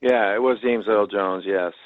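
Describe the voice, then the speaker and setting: A man's voice: on the low side, steady tone, normal speed, no room sound. A man co-hosting a podcast, chatting about old films and telling stories in an easy, conversational way. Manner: conversational, storytelling with easy asides. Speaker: podcast co-host. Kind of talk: casual chat about films. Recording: dry, tinny phone-like line.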